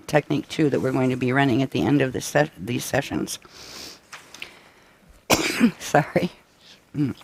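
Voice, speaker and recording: Tired coughing man giving a briefing. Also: a little high. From United States. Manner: halting, frequent restarts and throat clearing; tired, up all night. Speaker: workshop presenter. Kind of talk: live-stream workshop briefing.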